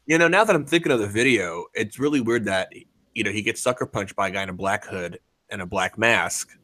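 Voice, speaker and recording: A man's voice: fairly low pitch, fairly quick, pushed and bright, no room sound. A man hosting a casual podcast chat, blunt and opinionated, swearing freely.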